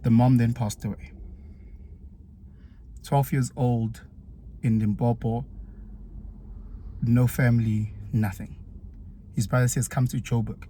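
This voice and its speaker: Slow and full of long pauses, this vlog features a KwaZulu-Natal man with a South African accent who used to teach, chatting through a personal story. He stays lively, his voice jumping higher as he acts out other people, and there's slight background noise.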